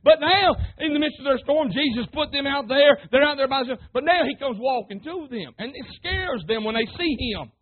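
A man preaching a sermon, fervent and calling out to his congregation, sometimes rising to shouts. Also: very high voice, fairly quick, few pauses. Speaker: pastor. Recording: tinny phone-like sermon recording.

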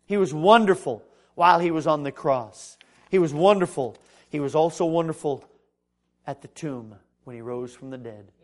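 A man with a high voice preaching a sermon, rising to loud proclamations and dropping to near-quiet speech. He slips into the voices of the people in his stories as he preaches. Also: normal speed. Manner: acts out dialogue in the story. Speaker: pastor.

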